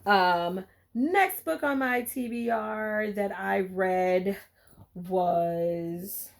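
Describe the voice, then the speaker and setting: A woman chatting casually in a book wrap-up video, animated and excitable, with frequent restarts and exclamations. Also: medium pitch, drawn-out words, gravelly. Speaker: book vlogger.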